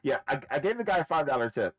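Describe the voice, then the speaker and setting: A man's voice: mid-range voice, big pitch swings, fast talker, fairly bright tone, no room sound, studio quality. A man hosting a live trading stream from home, thinking aloud in casual, rambling commentary. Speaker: livestream trading host. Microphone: desk microphone, wearing headphones.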